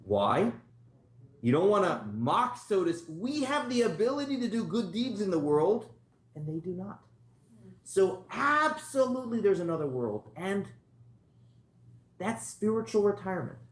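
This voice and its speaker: A man with a fairly high voice teaches a Torah class in a conversational, storytelling way. His pitch swings lively up and down, and the roomy space around him echoes. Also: unhurried. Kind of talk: informal Torah class lecture. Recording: roomy echo.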